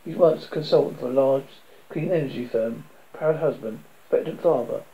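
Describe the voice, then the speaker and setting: A man narrating a dramatic story in a steady storytelling manner. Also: medium pitch, brisk, low-quality recording. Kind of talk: scripted audiobook narration.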